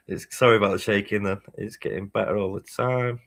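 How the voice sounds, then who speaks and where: Low-voiced man chatting casually. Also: steady tone, normal speed, vocal fry, hardly any pauses, a bit bright. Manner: casual, swears, reads chat messages aloud. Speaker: fan channel host. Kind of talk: live match watchalong chat.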